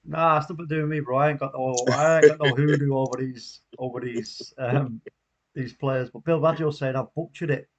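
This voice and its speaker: A man's voice: mid-range voice, fairly even intonation, a little fast, crowd noise. A man hosting a live football watchalong, chatting casually, laughing often and reading out viewer comments. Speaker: watchalong host. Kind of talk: casual live stream chat.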